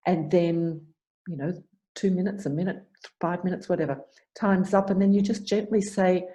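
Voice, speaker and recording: A woman's voice: fairly low pitch, fairly even intonation, moderate pace, dark tone. A woman coach explaining a visualization method step by step in an online talk, acting out the questions she would ask a client. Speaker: arts business coach. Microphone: video call.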